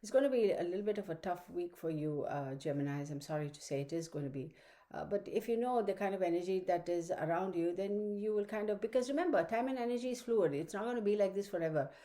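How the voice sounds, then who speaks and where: A woman with a mid-range, mellow voice delivers a casual weekly astrology reading fast and animatedly. She's at home with her dog, using her computer's microphone, and her chatty, meandering talk is loaded with fillers and tangents.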